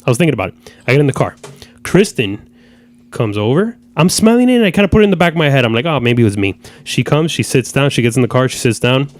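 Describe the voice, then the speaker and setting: A man's voice: mid-range voice, very animated, quick pace. Guy hosting a podcast, rambles n repeats, voice jumps around a lot. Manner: rambling, repeats himself, profane. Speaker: podcast host. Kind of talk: casual storytelling chat. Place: podcast studio.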